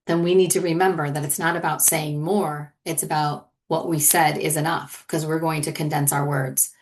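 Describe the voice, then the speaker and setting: A middle-aged woman, a leadership coach and podcast host, teaching in an earnest, encouraging conversational monologue and often checking in with "right?". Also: low voice.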